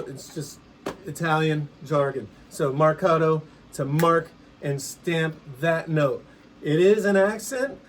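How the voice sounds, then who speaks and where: A man teaching percussion in a relaxed, conversational way, now and then singing rhythms aloud. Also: a little high, slight background noise. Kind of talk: casual instructional explanation.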